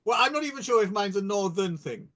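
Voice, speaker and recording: A man's voice: sits high, lively intonation, fast, bright, forceful tone. A man in casual podcast chat, teasing and wry. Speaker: podcast co-host.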